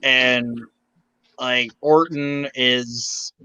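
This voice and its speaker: A man's voice: mid-range voice, fairly even intonation, extremely slow, bright, forceful tone, smooth, no room sound. A man in casual podcast chat who keeps laughing and mimicking wrestlers as he tells stories.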